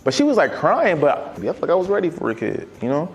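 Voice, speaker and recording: A young man casually telling his side of a story in a documentary interview, animated when quoting himself. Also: a little high, fast talker. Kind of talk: personal storytelling.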